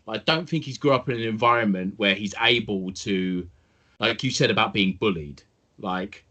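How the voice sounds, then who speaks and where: A man co-hosting a podcast, rambling in casual chat, swearing and trailing off quietly at the ends of thoughts. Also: fairly low pitch, slightly rough. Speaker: podcast co-host.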